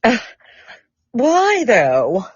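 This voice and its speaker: A woman's voice: fairly high pitch, wildly swooping pitch, extremely slow, slightly rough, dry recording, dull audio. A woman from the Southern United States, co-hosting a casual chat podcast, laughing often and talking easily. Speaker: co-host.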